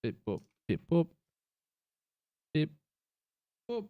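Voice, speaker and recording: Phone-quality and dry, this recording catches a slightly high male voice with wildly swooping pitch and drawn-out words. He's casually narrating a website layout on a live stream as he works, rambling, thinking out loud, and tossing in playful beeps.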